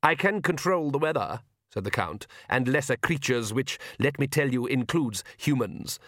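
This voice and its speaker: A suave vampire count, as a male audiobook reader puts him on, smooth and theatrical, mocking everyone around him. His voice sits at a middle pitch and sounds close and dry, with no room around it. The manner stays lordly and amused in a storybook reading. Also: expressive, normal speed, fairly bright tone, no echo. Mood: menacing.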